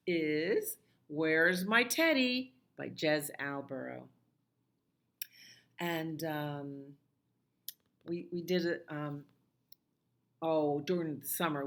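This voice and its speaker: Middle-aged female librarian, storytime reader; slow, lowish, sing-song, chatty with kids. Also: a bit bright. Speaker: children's librarian. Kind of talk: storytime read-aloud and singing.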